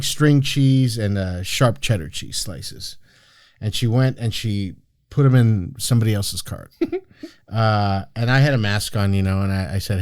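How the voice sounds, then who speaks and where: A man's voice: mid-range voice, a little mellow, no room sound. Man, podcast host, casual storytelling, joking, profane, dry close sound.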